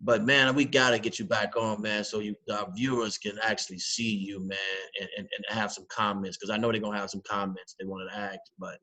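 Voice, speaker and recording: A man hosting an interview show, talking in a relaxed, slangy way and often saying "man". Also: lowish voice, brisk, few pauses. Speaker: show host. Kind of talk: casual interview sign-off.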